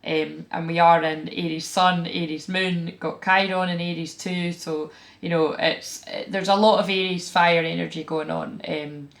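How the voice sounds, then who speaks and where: A Scottish woman talks through a spiritual reading in a frank, animated, chatty way, full of fillers and quick asides. Her voice sits on the low side and carries a gravelly, fry-tinged edge. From Scotland. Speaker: tarot reader and spiritual channeler. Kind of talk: casual spiritual vlog talk.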